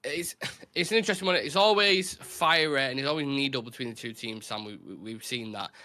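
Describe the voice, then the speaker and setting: A man's voice: mid-range voice, a little fast. A young man hosting a casual football chat, animatedly retelling a match. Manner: animated storyteller, acts out crowd reactions. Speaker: football podcast host.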